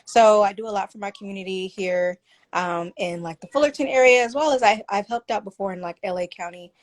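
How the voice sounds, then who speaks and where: A woman author and therapist being interviewed over a video call, speaking softly and hesitantly with many pauses. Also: mid-range voice. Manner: soft-spoken, hesitant, many fillers. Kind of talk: casual interview.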